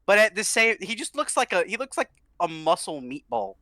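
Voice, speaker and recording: A man's voice: sits high, fairly quick, dry recording, studio quality. A man playing in a tabletop game, joking animatedly and laughing with the group. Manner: animated, jokey, laughs a lot. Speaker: player. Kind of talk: casual chat at a game table.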